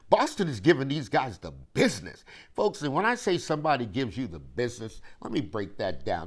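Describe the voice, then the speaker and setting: Animated man hosting a sports podcast. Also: medium pitch, a little fast. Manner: animated, preachy, repeats phrases, talks straight to listeners. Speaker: podcast host. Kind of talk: solo sports commentary podcast.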